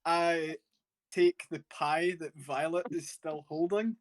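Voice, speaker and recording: A man describing his moves as a player in a live tabletop game, relaxed and easygoing. His voice sits a little higher than most men's. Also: slow pace. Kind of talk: casual tabletop game chat.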